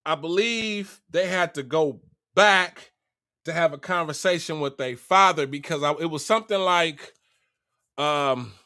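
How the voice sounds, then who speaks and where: A man retelling a Bible story in a casual, slangy and animated way. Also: a little high.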